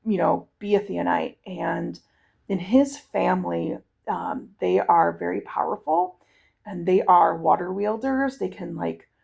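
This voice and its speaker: A woman's voice: medium pitch, vocal fry, darkish tone. A young adult woman chatting enthusiastically about books she read, with lots of fillers. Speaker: book vlogger. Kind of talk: casual book review chat.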